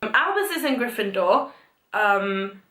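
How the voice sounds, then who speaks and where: A young woman vlogger rambling excitedly through a book recap, full of "like" and fillers. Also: medium pitch, measured pace. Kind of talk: casual book talk. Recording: echoey room.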